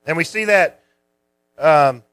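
Male preacher, high voice, relaxed conversational Bible teaching. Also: takes it slowly, no room sound. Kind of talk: sermon.

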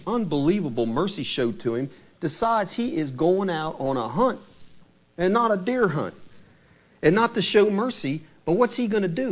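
A married man preaching a sermon in an animated way, asking many rhetorical questions and retelling scripture. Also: a little high. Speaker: pastor.

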